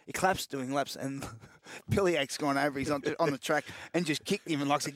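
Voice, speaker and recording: An Australian man who runs a podcast, chatting excitably on a sports panel and pushing his voice up for emphasis. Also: moderate pace, no room sound. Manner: excitable, rises in pitch and volume when emphatic. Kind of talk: casual chat.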